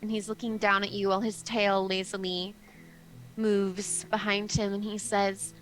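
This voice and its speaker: A woman's voice: medium pitch, little pitch movement, measured pace, a bit bright, soft background music, low-quality recording. A woman narrating as game master in a casual, chatty way.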